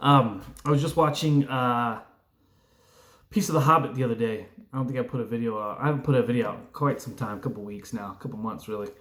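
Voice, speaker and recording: A man's voice: mid-range voice, fast talker, fairly bright tone, roomy sound. A man talking casually to camera, telling a story in a rambling, reflective way right after a workout. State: just worked out, sweaty. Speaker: vlogger.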